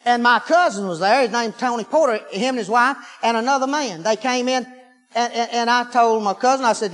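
A man's voice: very high-pitched, brisk, a bit bright. A man preaching a sermon, telling folksy stories and breaking into fervent hallelujahs. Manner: folksy storytelling, rising into fervent exclamations. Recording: long hall reverb.

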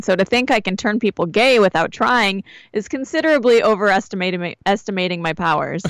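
A woman's voice: mid-range voice, no echo. A woman co-hosting a casual podcast, chatting and reading a listener's letter aloud with small asides. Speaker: podcast co-host.

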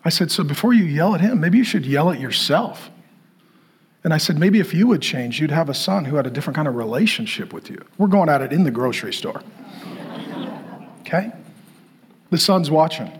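A man's voice: on the high side, fairly quick, pauses often, slight background noise. A man preaching a sermon to a congregation, telling a story and acting out the people in it. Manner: animated, acts out quoted voices. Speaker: pastor.

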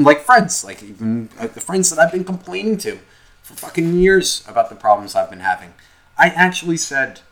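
A man co-hosting a podcast, talking in a rambling, profane, animated way in casual chat. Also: on the low side, low-quality recording. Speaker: podcast co-host.

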